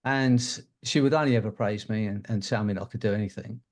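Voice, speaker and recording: A man's voice: on the low side, quick pace, darkish tone. Older man telling a candid story. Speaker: co-host. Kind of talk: personal anecdote to a live audience.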